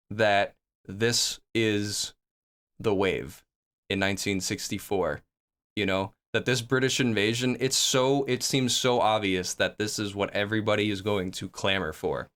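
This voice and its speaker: Pria bersuara jernih yang bersemangat. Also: male voice, lowish voice, fairly bright tone, clean tone. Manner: enthusiastic, thinks aloud with many restarts. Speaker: music reaction host. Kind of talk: casual rambling reaction talk.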